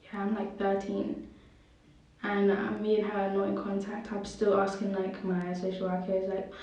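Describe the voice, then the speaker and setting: A young woman, telling a personal story haltingly and with emotion, her speech full of "like". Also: mid-range voice, monotone, mellow, far from the mic. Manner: halting, heavy use of "like", emotional. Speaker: vlogger. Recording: very echoey room, voice off the mic.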